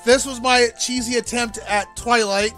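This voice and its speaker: A very high-pitched man with fairly even intonation and a bright, forceful tone offers casual commentary while streaming a game. His talk is rambling and jokey, full of halting restarts, with faint game music in the background.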